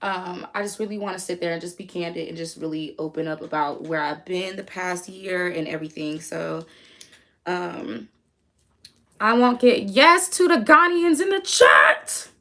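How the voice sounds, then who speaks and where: A woman's voice: on the low side, moderate pace, pushed and bright. A young American woman hosting a casual livestream, chatty and easily sidetracked, reading her chat aloud and hyping her friends. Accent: American English. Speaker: livestream host.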